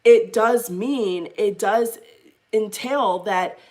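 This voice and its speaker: A woman's voice: mid-range voice, very slow, darkish tone. A woman vlogger giving opinionated commentary to camera, emphatic, repeating her phrases and speaking straight to her viewers.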